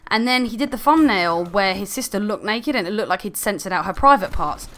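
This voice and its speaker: A woman's voice: medium pitch, lively intonation, fairly quick, fairly bright tone. A woman ranting in an angry, sarcastic commentary video full of swearing.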